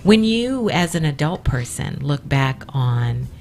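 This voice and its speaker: A woman from Compton, California, co-hosting an interview and asking thoughtful, halting questions with many fillers. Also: low-pitched, sing-song, vocal fry, a little mellow, slight background noise. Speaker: co-host.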